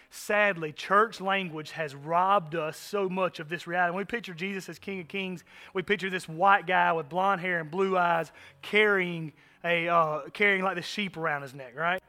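A man preaching a sermon as pastor, animated, swinging from loud emphasis to hushed asides. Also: high voice.

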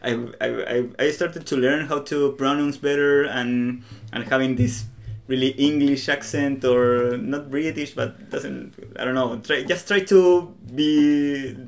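A man's voice: medium pitch, fairly even intonation, a little slow, few pauses. A young man from Latin America, a native Spanish speaker talking English with a Latin American Spanish accent, chatting as a podcast guest in a hesitant way, often restarting his sentences and acting out little bits of dialogue. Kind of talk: casual conversation. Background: guitar music.

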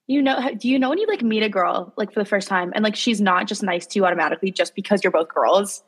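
A young woman co-hosting a podcast, chatting casually with quick, filler-heavy talk. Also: mid-range voice, lively intonation, breathy edge. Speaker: podcast co-host. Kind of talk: casual chat.

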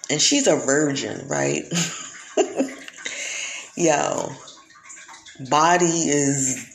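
A woman's voice: low-pitched, slow pace, creaky, a little hiss or hum. A woman vlogger in a casual monologue, talking emphatically and preachily, often repeating herself. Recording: echoey room.

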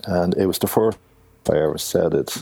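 Gravelly deep Irish older man. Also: warm tone. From Ireland. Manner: rambling, halting, retells dialogue with "I says". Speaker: guest, artist. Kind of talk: casual storytelling.

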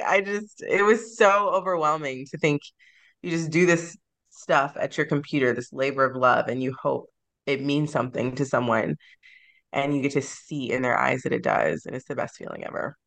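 A woman's voice: rumbling low, normal speed, gravelly, fairly bright tone. A woman author being interviewed on a podcast, speaking in a reflective, sentimental way and laughing easily. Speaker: guest author.

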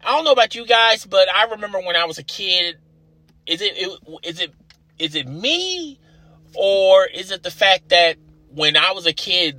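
A man's voice: on the high side, pushed and bright. A man hosting his own podcast in a casual, rambling monologue, often tagging his points with "okay?". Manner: rambling, chatty, keeps asking "okay?". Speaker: podcast host.

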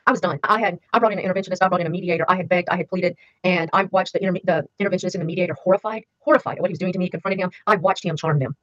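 A woman's voice: lowish voice, racing, hardly any pauses, a bit bright, no echo. A woman in her sixties telling her own story in an interview, emphatic and repeating key words for weight. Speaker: interview guest. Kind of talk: candid personal storytelling interview. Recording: dry, slightly dull lo-fi sound.

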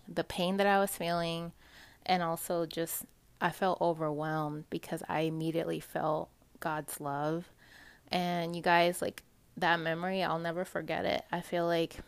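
A woman's voice: on the low side, vocal fry, dry recording. A woman in her thirties casually telling an emotional personal story, saying "like" constantly and laughing as she talks.

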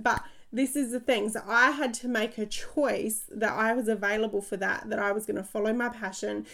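Energetic woman with vocal fry. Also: on the high side, moderate pace, few pauses. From Australia. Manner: energetic, chatty storytelling with frequent laughs. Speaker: podcast host and coach. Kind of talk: motivational podcast monologue.

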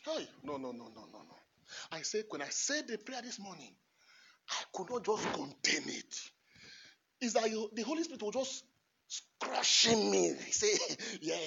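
A husky-voiced male priest delivers a fervent homily in a church, dropping to near-murmurs and then rising to shouts, and repeating his phrases for emphasis. The recording sounds dull and lo-fi. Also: high voice, very animated, normal speed. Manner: emphatic, repeats phrases, swings from hushed to shouting, laughs often. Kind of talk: impassioned homily.

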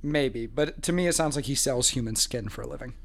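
A man's voice: medium pitch, fairly quick, vocal fry, slight background noise. A man co-hosting a casual chat, joking and laughing as he rants about a dating show. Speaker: podcast co-host.

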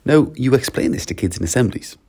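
A man's voice: mid-range voice, expressive, fairly quick, mellow. A man, a school leader talking in a casual solo podcast, chatty and anecdotal. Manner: chatty, anecdotal, acts out short exchanges.

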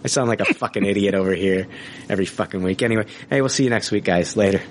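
A man's voice: on the low side, fast talker, slight background noise. A man hosting a podcast, rambling casually and swearing as he signs off the episode. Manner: rambling, profane, self-mocking. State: injured leg, in a splint. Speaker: podcast host.

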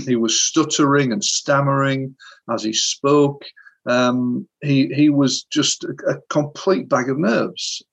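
A man's voice: medium pitch, creaky, breathy edge. A man who works as a hypnotherapist, earnestly recounting a session in an interview. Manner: earnest, vivid retelling. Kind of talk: storytelling in an interview.

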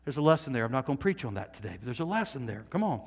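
A man preaching a sermon to his congregation, swinging between loud, animated passages and hushed asides, and adding jokey remarks along the way. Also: mid-range voice, rapid-fire, breathy edge. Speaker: pastor. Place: church sanctuary. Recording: long hall reverb.

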